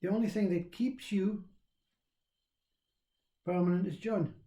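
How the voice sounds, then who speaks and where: A man giving a slow, reflective spiritual talk on self-inquiry, repeating phrases as he teaches. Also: sits high, steady tone, mellow, roomy sound.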